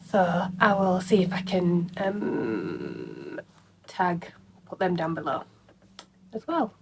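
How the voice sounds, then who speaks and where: Tired woman, soft slow chat. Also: on the low side, a little hiss or hum. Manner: chatty, rambling, soft-spoken with frequent fillers. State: tired, yawning. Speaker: vlogger. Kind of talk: casual vlog chat. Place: home.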